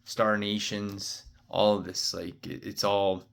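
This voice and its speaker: A man's voice: fairly low pitch, level tone, slow pace, gravelly, a bit bright. A man, a spiritual card reader, telling a meandering story in casual talk, full of "uh" and "like". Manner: meandering, heavy on "uh" and "like" fillers.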